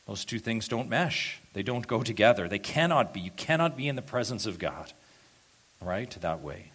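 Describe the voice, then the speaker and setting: A man preaching an expository sermon, reading scripture and swelling loud for emphasis before dropping low again. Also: big pitch swings, normal speed, husky. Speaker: pastor.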